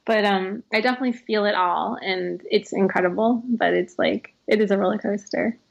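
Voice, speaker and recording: Author guest, woman in her thirties; fry-heavy, rambling and warm-hearted candor, lo-fi audio. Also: medium pitch, fairly even intonation, moderate pace. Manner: heavy use of "like", frequent restarts, laughs often. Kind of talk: reflective interview conversation.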